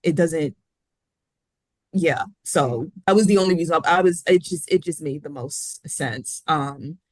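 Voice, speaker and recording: A woman's voice: low voice, measured pace, dry recording. A woman co-hosting a podcast, talking casually and rambling, often correcting herself mid-sentence. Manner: rambling, self-correcting, animated storytelling. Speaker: podcast co-host. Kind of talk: casual pop-culture chat.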